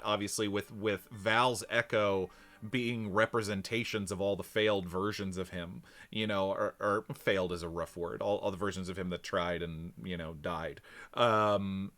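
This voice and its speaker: A man's voice: lowish voice, sharp tone. A man co-hosting a casual chat about a tabletop game, rambling and trailing off, laughing often. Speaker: podcast co-host.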